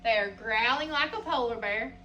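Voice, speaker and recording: A woman's voice: fairly high pitch, normal speed, pushed and bright, recorded from a distance, highs cut off, a little hiss or hum. A woman teacher reading a picture book aloud to a class, asking the children questions in a sing-song way.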